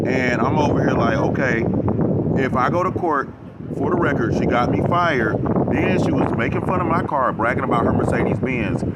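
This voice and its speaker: A man's voice: medium pitch, very noisy. Rambling man reacting to a clip. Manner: animated, rambling, talks back at the clip. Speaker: reaction vlogger. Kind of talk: casual reaction commentary.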